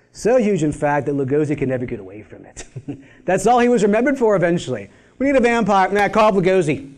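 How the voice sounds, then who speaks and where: Guy lecturing, animated and jokey, lots of pitch swings. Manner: animated, wry, conversational asides. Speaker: university lecturer. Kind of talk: public lecture.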